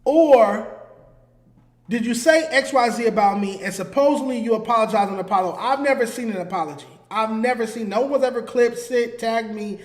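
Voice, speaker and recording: Man, high-pitched voice, heated commentary host, emphatic, echoey room. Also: normal speed. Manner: heated, emphatic, repeats points. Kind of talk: solo commentary.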